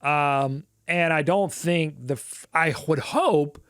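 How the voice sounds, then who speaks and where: A man's voice: a little high, slow pace, fairly bright tone, no echo, clean studio sound. A man co-hosting a sports podcast, talking casually with lots of fillers and playful asides. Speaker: podcast co-host.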